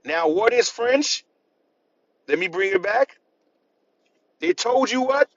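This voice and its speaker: Male host, high and lively voice, slow deliberate lecture, dry dull lo-fi sound. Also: dry recording. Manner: emphatic, repeats points, asks rhetorical questions. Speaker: history channel host. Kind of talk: lecturing to camera.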